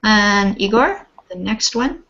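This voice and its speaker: A woman teaching English pronunciation online, patiently repeating words slowly and clearly for her students. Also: mid-range voice, lively intonation, fairly bright tone, muffled recording.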